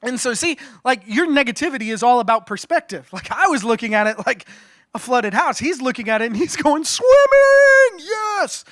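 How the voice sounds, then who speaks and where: A male pastor preaching a sermon, telling a story in an animated, joking way with frequent restarts. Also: very high-pitched, a little fast, no room sound, clean studio sound.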